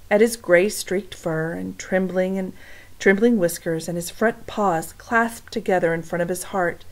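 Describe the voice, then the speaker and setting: A woman's voice: medium pitch, poor audio. A woman reading a storybook aloud to young listeners, stopping to speak to them directly. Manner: warm direct address to listeners.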